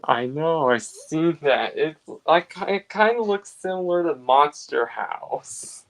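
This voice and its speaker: A man's voice: a little high, lively intonation, slow pace, fairly bright tone, low-quality recording. A man in a casual livestream chat, questioning and interjecting.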